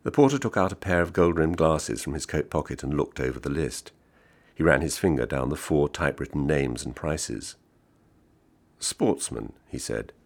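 A man reading a literary short story aloud in a dry, measured, understated manner. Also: very deep voice. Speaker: reader.

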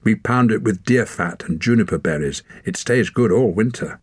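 A man's voice: lowish voice, lively intonation, moderate pace, breathy edge, no echo, pitched above the performer's own voice. Wren, a man voicing a stubborn young forest girl. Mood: explaining. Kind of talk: audiobook character voice.

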